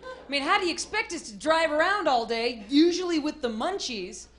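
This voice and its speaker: A young Texan woman performs stand-up in a club, telling self-deprecating stories in a drawl. Her voice sits high for a woman. The live recording carries clear audience noise underneath her. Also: animated, normal speed. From Amarillo, Texas. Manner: drawling, self-deprecating storytelling with frequent laughs. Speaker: stand-up comedian. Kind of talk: stand-up comedy set. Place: comedy club stage.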